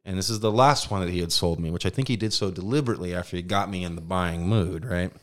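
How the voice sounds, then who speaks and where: A man co-hosting a podcast, telling a long story in casual chat, animated, swearing now and then, acting out other people's words. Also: sits low, fast talker. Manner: animated anecdote teller, mimics voices, swears. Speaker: podcast co-host.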